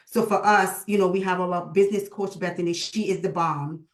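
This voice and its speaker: A woman's voice: fairly low pitch, moderate pace, reverberant. A woman hosting a video call, speaking in a heartfelt, prayerful and emotional way. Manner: prayerful and emotional, with lively retold dialogue. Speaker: host.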